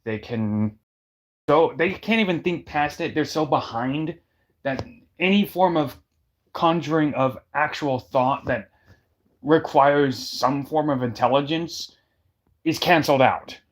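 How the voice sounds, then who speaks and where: A man's voice: fairly high pitch, a little slow. A man in casual chat, emphatic and repeating his points for effect.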